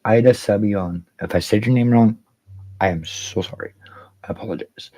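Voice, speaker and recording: A man's voice: lowish voice, normal speed, dark tone, no room sound, rough recording. A man hosting a casual livestream, rambling and swearing freely while greeting viewers by name. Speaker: livestream host.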